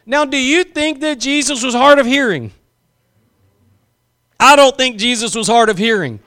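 A man's voice: very high voice, sharp tone, clean tone. A man preaching a sermon, impassioned, drawing out key phrases for emphasis and acting out quotes.

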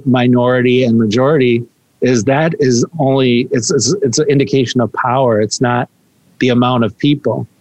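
A man's voice: medium pitch, dry recording, poor audio. Dry-sounding man asking probing questions. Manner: probing, animated when making a point. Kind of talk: conversational interview.

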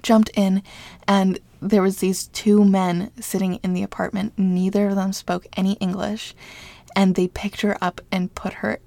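A woman's voice: mid-range voice, level tone, measured pace, creaky, mellow, dry recording. A young woman co-hosting a podcast, casually retelling a true-crime story with lots of "like" fillers. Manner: chatty storytelling, frequent "like" fillers. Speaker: podcast co-host.

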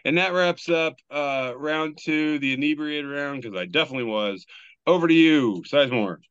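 A man's voice: a little high, moderate pace, fairly bright tone, smooth, no echo, dull audio. A man hosting a casual podcast, reading memes aloud in a loose, joking way and swearing freely. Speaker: podcast host.

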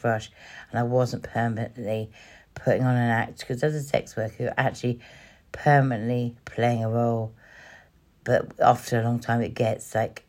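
Woman telling her own story on a podcast, keeps restarting, gets emotional, pretty monotone. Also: extremely low pitch. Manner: emotional, halting, with many restarts. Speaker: podcast host. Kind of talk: personal story podcast monologue.

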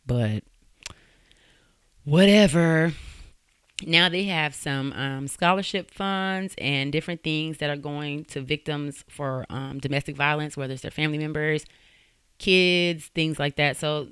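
A woman's voice: sits low, a bit bright, smooth, no echo, clean studio sound. A woman hosting a true-crime podcast, talking casually in a fiery, blunt, profane way with laughing asides. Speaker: podcast host.

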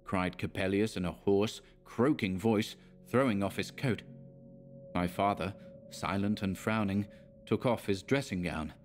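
A man with a lowish voice reads a dark tale aloud in a measured, dramatic way. Soft music plays faintly behind him. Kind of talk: scripted story narration.

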